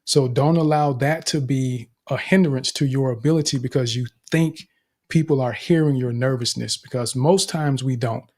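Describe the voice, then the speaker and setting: Host: man, encouraging speaking coach, upbeat, methodical, mid pitch. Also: moderate pace, a little mellow. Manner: upbeat, encouraging, gives numbered tips. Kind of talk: group coaching session.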